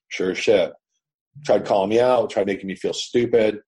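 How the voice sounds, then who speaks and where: A man's voice: fairly low pitch, steady tone, moderate pace, mellow, husky. A man from Canada, a business owner, telling his story in a blunt, profane, emphatic way over a remote call. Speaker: business owner, interview guest. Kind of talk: casual storytelling. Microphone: remote internet call.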